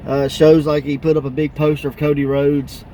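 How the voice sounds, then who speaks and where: A man hosting a casual wrestling podcast, laughing often and acting out quoted wrestlers in higher voices. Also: flat delivery, fairly quick, warm tone, a little hiss or hum. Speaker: podcast host.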